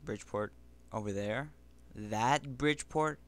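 A man voicing a sharp-tongued schoolgirl who is suspicious but friendly, talking in a brisk, skeptical way. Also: medium pitch, smooth, close to an everyday voice.

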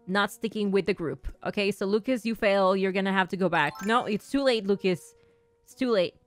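A woman's voice: medium pitch, normal speed, faint music behind. A woman gaming streamer chatting live with viewers, playfully acting as a strict teacher and laughing often. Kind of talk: livestream chat, playing a strict teacher to viewers.

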